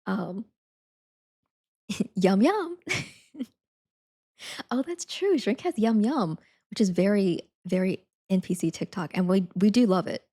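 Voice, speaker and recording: A woman's voice: medium pitch, a little slow, pauses often, warm tone. A young woman streamer chatting casually, rambling with lots of fillers and frequent giggles. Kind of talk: casual chat.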